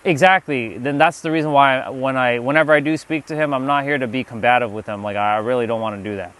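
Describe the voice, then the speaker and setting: A man's voice: medium pitch, fast, fairly bright tone. Emphatic, swearing motivational male streamer. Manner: profane, emphatic, repeats himself. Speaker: livestream speaker. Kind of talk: motivational livestream talk.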